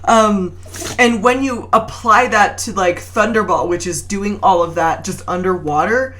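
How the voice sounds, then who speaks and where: A woman hosting a casual film podcast, animated and laughing often, with frequent swearing. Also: medium pitch, a little slow, slight background noise. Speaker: podcast host.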